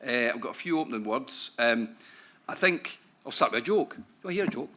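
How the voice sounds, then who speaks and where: In a conference hall, a Scottish man gives a talk to a live audience, chatty and joking, constantly checking in with the room with tag questions like "right?" or "yeah?". His voice is at an ordinary middle pitch for a man, and his delivery is relaxed, easygoing and a little fast.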